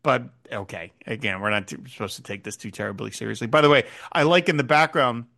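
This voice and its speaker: A man's voice: mid-range voice, fast talker, creaky, bright, forceful tone. A man co-hosting a podcast, animatedly recapping a TV episode in casual chat and retelling scenes with quoted lines. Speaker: podcast co-host.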